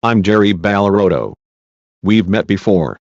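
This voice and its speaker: A man reading a male defense lawyer's questions, measured and reassuring, in a dull lo-fi recording. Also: lowish voice, animated, a little mellow, no room sound. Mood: courteous. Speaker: cross-examining lawyer.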